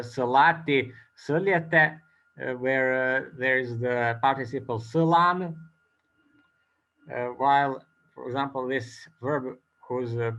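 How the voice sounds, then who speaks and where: A man giving an academic conference talk as a presenter, speaking haltingly with many filler pauses. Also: mid-range voice, fairly bright tone, muffled recording.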